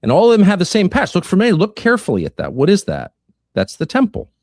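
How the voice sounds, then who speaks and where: A man giving political commentary in a measured way, posing rhetorical questions. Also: high voice, huge pitch swings, a little mellow, no echo. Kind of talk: played commentary clip.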